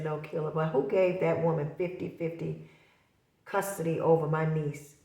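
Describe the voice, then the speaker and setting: A woman's voice: low voice, reverberant. A middle-aged woman talking straight to her viewers, impassioned and accusing, repeating her points. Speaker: vlogger. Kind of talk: emotional direct-to-camera talk.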